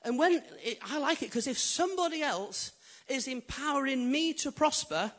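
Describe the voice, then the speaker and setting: A man preaching a sermon as a pastor, animated and humorous, swinging from loud emphatic lines to quiet intimate ones. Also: very high-pitched, moderate pace. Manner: humorous storytelling.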